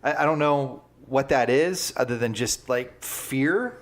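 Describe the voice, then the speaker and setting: Man, podcast host, mid-pitched voice, joking and self-deprecating, casual chat. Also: unhurried.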